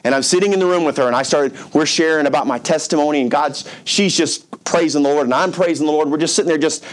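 A man's voice: on the high side, fast talker. Conversational, emphatic male pastor. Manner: conversational and emphatic, with asides like "man" and "okay". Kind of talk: storytelling sermon.

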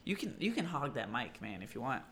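A man's voice: mid-range voice, fairly quick, gravelly, background noise. A man co-hosting a casual podcast chat, telling stories animatedly and laughing often while acting out other people's voices. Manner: animated storyteller who acts out others' voices. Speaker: podcast co-host.

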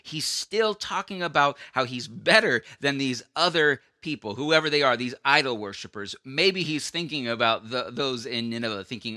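A man delivers an earnest, conversational sermon, stumbling into restarts as he reaches for his point. His voice is strikingly bright and edged, and the recording is dry and close with no room sound. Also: on the high side, normal speed, no room sound. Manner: earnest, acts out quoted voices, frequent restarts. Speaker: preacher.

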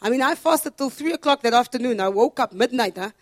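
A woman's voice: on the high side, lively intonation, fairly quick, no echo. Earnest woman preaching, dry close sound. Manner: earnest, building to loud emphatic repetition. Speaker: pastor. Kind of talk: sermon.

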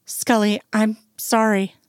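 A woman reading as Mulder, gentle and hushed. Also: medium pitch, level tone, slow, no room sound, clean studio sound, lightly acted. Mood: tender. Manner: gentle, whispered. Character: gentle, worried man comforting his partner.

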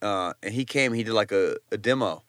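A man's voice: lowish voice, brisk, a bit bright, clear, resonant tone, no echo. Profane, slangy man telling stories. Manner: loose, profane storytelling with slang. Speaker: chef and guest. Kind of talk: casual podcast interview.

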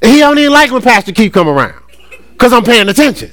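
A middle-aged man preaching a sermon, lively and conversational, often acting out playful voices. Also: high-pitched, a little fast, no echo. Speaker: pastor.

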